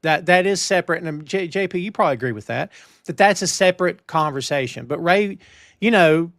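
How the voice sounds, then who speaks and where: A man hosting a wrestling news talk show, emphatic and animated, with lots of restarts. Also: a little high, fairly quick, no room sound, clean studio sound. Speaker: podcast host. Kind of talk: casual wrestling news chat.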